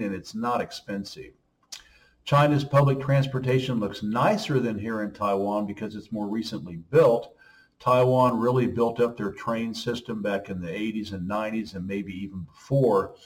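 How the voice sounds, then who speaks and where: A man in his sixties from the United States, talking in a casual monologue and stressing his points as he lists them one after another. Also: medium pitch. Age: 60s. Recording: voice a bit distant from the mic.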